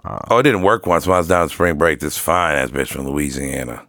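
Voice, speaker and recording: A man's voice: a bass voice, fairly quick, fairly bright tone, no room sound, clean studio sound. A young adult man from the Detroit area, co-hosting a casual podcast and telling crude stories with lots of swearing and laughter. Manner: joking storyteller, swears freely, laughs often. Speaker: podcast co-host.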